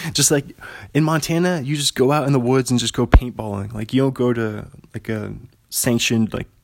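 A man's voice: medium pitch, steady tone, moderate pace, gravelly, dry recording. A man in his thirties from Washington State, hosting a solo podcast and telling rambling, digressive stories with frequent chuckles. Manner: digressive, chuckling, casual storyteller. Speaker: podcast host.

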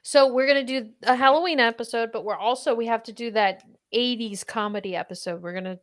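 A woman in her thirties who hosts a podcast, chatting casually and quizzing her guest with lively swings in pitch. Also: quick pace. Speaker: podcast host. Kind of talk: casual chat.

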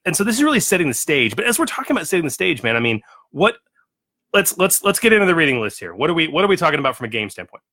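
A male podcast co-host with a lively, theatrical delivery that swings widely in pitch. His voice is bright and forceful, recorded dry and close. He talks casually, often restarting his sentences. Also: racing, no echo. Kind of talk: casual chat and scripted intro.

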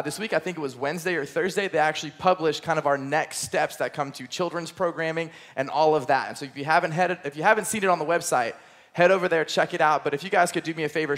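A young man, a high school pastor, delivering an energetic, chatty sermon from a church stage, using plenty of fillers.

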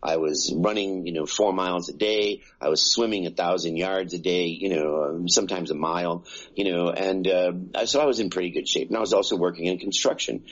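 Older guy in his 60s rambling through a story, low husky voice, dull lo-fi sound. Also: brisk. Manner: rambling, many fillers, acts out quoted voices. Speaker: actor interviewee. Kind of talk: casual anecdotal storytelling.

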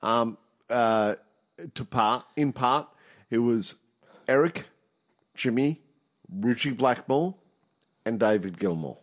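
A man's voice: mid-range voice, slow pace, long pauses. A man co-hosting a podcast in casual chat, teasing his friend and stating his views with confidence. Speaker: podcast co-host.

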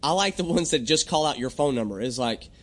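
A young adult man hosting a podcast, talking in a rambling, jokey monologue and often clearing his throat. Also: mid-range voice, expressive, brisk. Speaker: podcast host. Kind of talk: casual comedic monologue.

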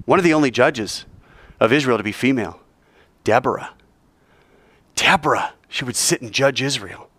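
A man tells Bible stories to a class with a jokey, vivid delivery and talks right to his listeners. His slightly high voice leaps up and down constantly. The sound is dry and close. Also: fairly bright tone, no echo. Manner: joking, vivid, addresses listeners directly. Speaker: Bible teacher. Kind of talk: animated storytelling lesson. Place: hot indoor room.

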